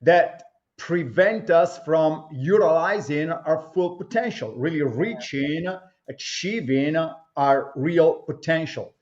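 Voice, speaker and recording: A man being interviewed as an author, answering in a measured way with pauses and fillers, on dull lo-fi remote audio. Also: on the high side, lively intonation, darkish tone.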